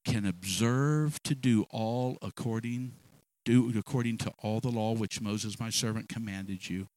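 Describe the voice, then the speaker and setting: A man preaching a sermon, reading scripture slowly and swinging between loud, emphatic bursts and soft, low asides. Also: no echo. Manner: reads scripture slowly with stretched words. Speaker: pastor.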